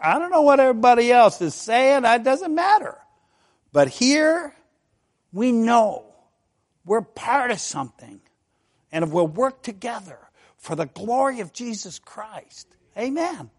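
An older man preaching a sermon as pastor, fervent, full of rhetorical questions and frequent amens. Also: high-pitched.

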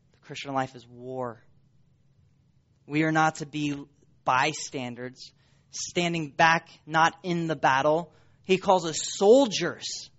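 A man preaching a sermon with emphatic repetition, his voice swinging up and dropping low for stress. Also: a bit bright. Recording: dull lo-fi sound.

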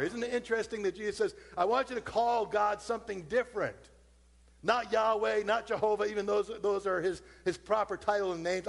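A man's voice: high-pitched, creaky, fairly bright tone, long reverb tail. A man preaching a sermon as a pastor, talking in a loose conversational way and acting out the voices of his listeners.

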